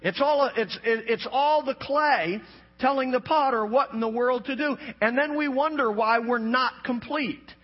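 A man preaching a sermon in a very high, husky voice. He builds into shouts, then drops low and firm to drive a point home. The recording is dull and lo-fi. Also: measured pace. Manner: preaching with rising shouts and dropping to low emphatic asides. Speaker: pastor.

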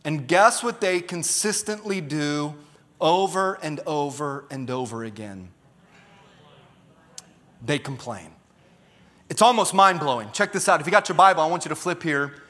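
Bright-voiced preacher man in a hall. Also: fairly high pitch, measured pace, pauses often. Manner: emphatic, calls for audience response. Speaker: pastor. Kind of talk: sermon. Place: church auditorium. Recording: long reverb of a large hall.

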